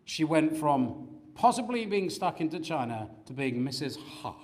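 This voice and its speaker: A man's voice: a little high, moderate pace. A man preaching a sermon in a church, telling stories with acted-out quotes. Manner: animated storytelling with acted quotes.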